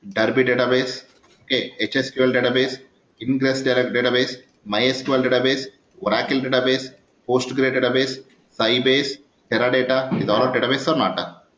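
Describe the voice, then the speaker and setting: A male programming instructor leads a live coding lecture, repeatedly checking on students by asking "yes or no?" He speaks briskly, with a mid-range, somewhat bright voice and fairly even intonation, in an echoey, dull class recording.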